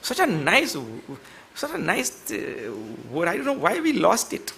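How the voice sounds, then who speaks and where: Lively gravelly-voiced man lecturing. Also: high-pitched, a little slow, a little hiss or hum. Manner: chants verses then explains them, playful with the audience. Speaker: swami giving a scripture lecture. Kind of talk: devotional lecture to a class.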